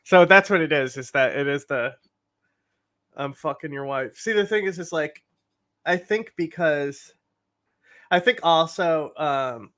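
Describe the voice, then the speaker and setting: A man's voice: a little high, lively intonation, a little slow, a bit bright. A man co-hosting a live stream, chatting casually in a rambling, loose way and swearing freely. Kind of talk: casual chat.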